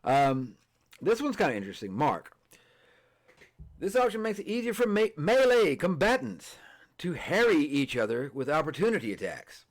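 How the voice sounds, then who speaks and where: A man hosting a tabletop game podcast, chatting casually and reading game rules aloud, halting often, restarting phrases and filling pauses. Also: fairly high pitch, wildly swooping pitch. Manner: halting, many fillers and restarts, stumbles over words. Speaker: podcast host. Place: streamed podcast setup.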